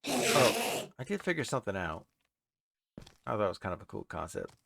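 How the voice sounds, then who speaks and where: Man, casual gameplay commentary, gravelly, rambling, loud background noise. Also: lowish voice, wildly swooping pitch, moderate pace. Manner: rambling, talks to game creatures. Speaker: game streamer.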